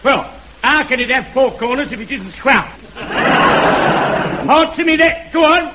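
Cockney wisecracker, jaunty, high, lively, old radio, heavy hiss. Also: male voice, unhurried. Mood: ranting. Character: cheeky Cockney tailor and soapbox crank. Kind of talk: 1950s radio comedy acting. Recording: muffled old radio broadcast with loud hiss.

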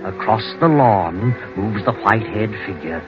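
A man narrating an old radio drama in a measured, ominous manner. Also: lowish voice, expressive. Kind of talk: scripted narration. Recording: dull lo-fi old radio recording. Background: music.

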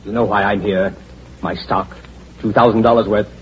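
A man's voice: lowish voice, fairly even intonation, moderate pace, natural voice. Man acting as a desperate accusing investor, old radio drama, dull sound, faint hiss. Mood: demanding. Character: angry, desperate male small investor.

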